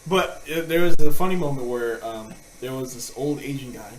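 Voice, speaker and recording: A man co-hosting a podcast, telling stories in a casual, animated way and laughing often as he acts out quotes. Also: medium pitch, normal speed, slight background noise. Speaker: podcast co-host. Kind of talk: casual storytelling chat. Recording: roomy echo.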